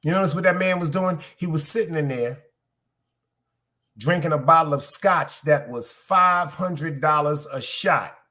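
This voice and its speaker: Bright-voiced Brooklyn man, casual live-stream. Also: on the high side, a little slow. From Brooklyn, New York. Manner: profane, rambling, talks straight to viewers. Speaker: podcast host streaming live.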